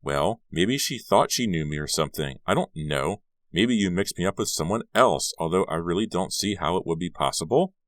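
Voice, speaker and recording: A man voicing a sharp-tongued, sarcastic teenage girl in an audiobook reading. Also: sits low, expressive, normal speed, hardly any pauses, no room sound, studio quality. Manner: sarcastic, mock-snooty.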